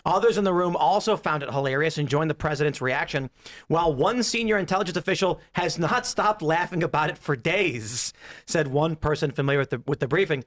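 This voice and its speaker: Male podcast host, a bit high-pitched, wry, conversational news riffing. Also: brisk, a bit bright. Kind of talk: casual podcast talk, reading news aloud.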